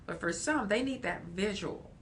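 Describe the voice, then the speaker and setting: A woman's voice: medium pitch, moderate pace, a little hiss or hum. Emphatic woman counselor on a livestream. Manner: animated, emphatic, laughs often. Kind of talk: livestream talk.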